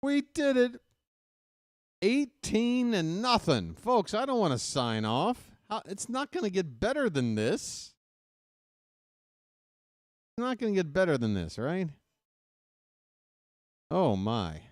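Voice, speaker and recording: A man's voice: fairly high pitch, wildly swooping pitch, slow pace, pauses often, dry recording, studio quality. A man hosting a baseball play-by-play livestream, chatting casually with viewers after the game and calling them folks. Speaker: play-by-play host.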